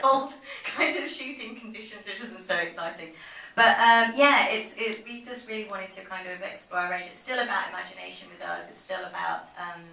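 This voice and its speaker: A chatty woman speaks as a film director at a cinema Q&A, her voice bright. She strings thoughts with kind of and you know. The sound is roomy and picked up from a distance. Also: lowish voice, vocal fry. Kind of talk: festival Q&A answers. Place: cinema auditorium. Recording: roomy cinema from far off, faint noise.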